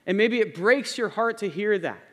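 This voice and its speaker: A man with a high voice preaching a sermon, earnest and insistent, hammering key phrases again and again. His voice rings out with a long reverb off the walls of a church sanctuary. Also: animated, moderate pace, fairly bright tone. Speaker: pastor.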